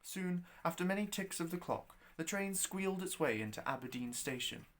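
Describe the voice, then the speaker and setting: Expressive man reading his own story. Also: sits high, normal speed.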